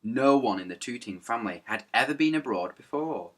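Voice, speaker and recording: A man reads a children's storybook aloud, narrating lively and switching into character voices. His voice is bright and forceful, at a middle pitch. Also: a little fast. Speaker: reader. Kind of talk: reading a children's book aloud.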